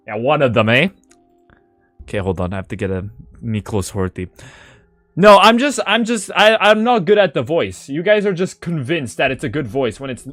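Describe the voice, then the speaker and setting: A male game streamer talking casually on stream with a lively, swinging voice. He swears freely and laughs often, with faint music underneath. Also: medium pitch, no echo. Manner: animated, swears, laughs a lot. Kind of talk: casual live-stream chat.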